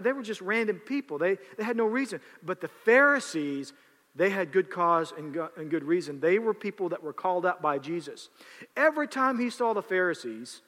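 A man with a high-sitting voice preaches a sermon in a church hall full of long reverb. He's animated and dramatic, repeating words often as he acts out scenes.

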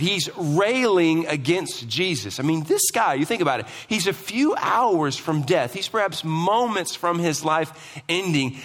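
A man's voice: high voice, fairly bright tone. A man preaching a sermon as pastor, emphatic and asking the congregation questions, in a church hall. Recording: long hall reverb.

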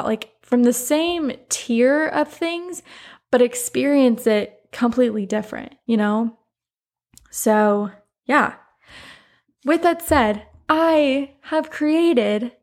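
Woman, Southern accent, solo podcast host, slightly high voice, casual and chatty. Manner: chatty, rambling, many "like" fillers and asides.

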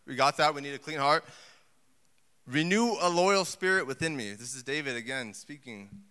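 A man preaching a sermon in a lively, conversational way, full of asides and acted quotes. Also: a little high, moderate pace, clear, resonant tone. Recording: long hall reverb.

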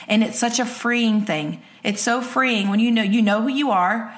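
A woman in her forties with a fairly high voice gives a motivational solo talk. She sounds energetic and candid. She drives her points home by repeating her phrases. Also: unhurried, hardly any pauses. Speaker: podcast host.

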